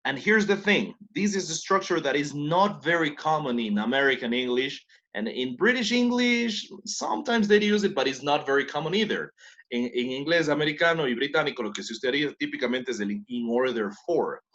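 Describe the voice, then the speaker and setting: A man's voice: fairly high pitch, expressive, a little fast. Teacher guy on a video call, mixes english and spanish, kinda muffled. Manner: switches between English and Spanish, soft-spoken with fillers. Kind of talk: online class instruction.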